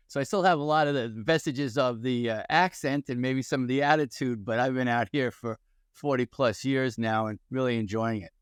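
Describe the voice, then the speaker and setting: A New York man in his sixties, an employment attorney appearing as a podcast guest, speaks in a smooth mid-range voice at normal speed. The clean studio recording has no room sound, and he's energetic, telling stories and posing rhetorical questions.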